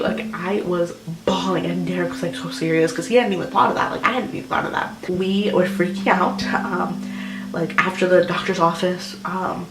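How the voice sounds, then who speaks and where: A woman's voice: on the low side, brisk, vocal fry, far from the mic. A young woman vlogger telling a personal story in a rambling way, full of fillers like "like" and "um". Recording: roomy echo with music behind.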